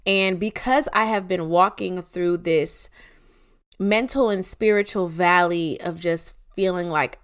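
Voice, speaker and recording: Low-voiced young woman sharing her faith. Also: unhurried, smooth. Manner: conversational and candid, with casual slang. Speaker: podcast host. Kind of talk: casual faith talk.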